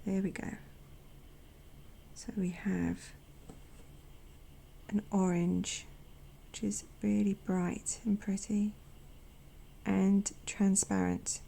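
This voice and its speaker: A woman narrates her painting in an unhurried, casual way. Her voice is mellow, with a gravelly edge, and she often eases into a soft half-whisper. She adds little self-deprecating remarks as she goes. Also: mid-range voice, animated. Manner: gentle and chatty, drops to a soft near-whisper. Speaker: watercolor artist and channel host.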